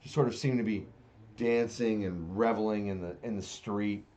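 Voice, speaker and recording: A man narrating as game master in a tabletop game, halting and searching for words. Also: on the low side, fairly even intonation, warm tone. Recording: dull lo-fi audio.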